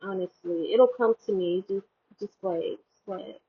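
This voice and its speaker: A young woman chats slowly and loosely, her husky voice drifting through fillers and self-mocking jokes. The sound is thin and phone-like, as if coming through a cheap headphone mic. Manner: rambling, filler-heavy, jokey and self-mocking. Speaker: vlogger. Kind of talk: casual chat. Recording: tinny low-quality headphone mic.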